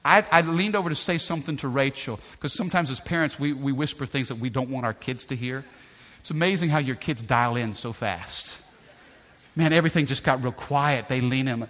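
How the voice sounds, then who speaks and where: Male pastor, bright tense tone, slightly high voice, dynamic sermon delivery, hushed to loud. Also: lively intonation, moderate pace. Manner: dynamic preacher, swings from hushed to loud, calls to congregation.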